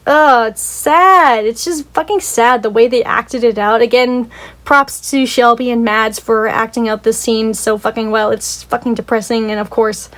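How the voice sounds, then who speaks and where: A young woman with a slightly high voice talks through a story in a loose, rambling way. She fills her speech with "like" and curses freely. She sounds openly moved as she gushes over sad scenes. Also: steady tone, normal speed, a bit bright. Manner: rambling, heavy on "like" and swearing; emotional, gushing. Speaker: video reviewer. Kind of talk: casual review, retelling a story.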